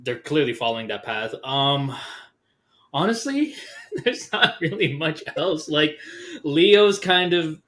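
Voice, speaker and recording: A man's voice: a little high, sing-song, takes it slowly, a bit bright. A young man in a casual chat, laid-back and swearing casually.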